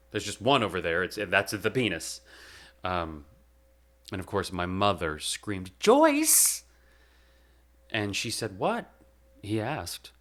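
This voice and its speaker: A young man as host of his own show, delivering a measured, reflective eulogy with slow, emphatic pauses. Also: sits low, fairly bright tone. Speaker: podcast host.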